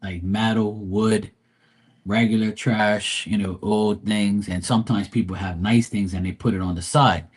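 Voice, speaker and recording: Man, husky low voice, casual profane storytelling, acts out what people said. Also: unhurried. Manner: profane, animated, acts out quoted lines. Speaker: livestream host. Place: Bermuda.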